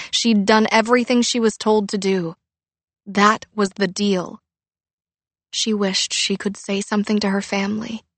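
Unhurried female audiobook narrator. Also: mid-range voice, no room sound. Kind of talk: scripted narration.

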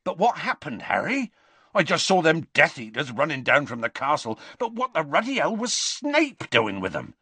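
A man doing a gruff, kindly giant groundskeeper. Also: fairly high pitch, wildly swooping pitch, moderate pace, sharp tone, no room sound, voice pushed up, full character voice. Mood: bewildered. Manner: rough country speech, dropped letters.

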